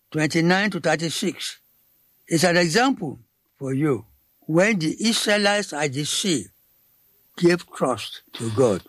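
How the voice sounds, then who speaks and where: A man delivers a sermon in measured, deliberate phrases, leaning hard on each word. His voice sits a little higher than usual for a man and moves at an unhurried crawl. The sound is close and dry, with no room around it. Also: no echo. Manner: slow, deliberate, emphatic preaching in short phrases; switches between English and Yoruba. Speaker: preacher.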